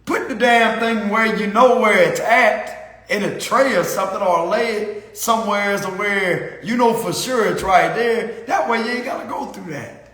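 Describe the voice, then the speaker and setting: A man's voice: sits high, normal speed, fairly bright tone, echoey room. A man giving a casual spiritual reading, rambling and slangy and laughing often. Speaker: spiritual card reader.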